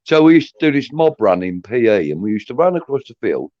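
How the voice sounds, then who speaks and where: A man's voice: medium pitch, big pitch swings, quick pace, darkish tone. A man in his fifties from southeast England, telling rambling anecdotes in casual chat. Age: 50s. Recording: dry muffled lo-fi audio.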